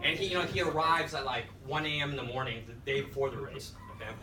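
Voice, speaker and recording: A man telling a lively story to an audience at a lunch talk, often checking in with "okay". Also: mid-range voice, fast talker, crowd noise. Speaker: presenter. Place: lecture room. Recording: echoey room, far mic, noisy.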